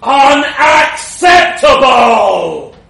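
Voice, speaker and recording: A man voicing a huge hostile dragon that bellows drawn-out shouts, in a roomy, distant, noisy recording. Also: extremely high pitch, very animated, vocal fry, pitched above the performer's own voice, full character voice. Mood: bellowing.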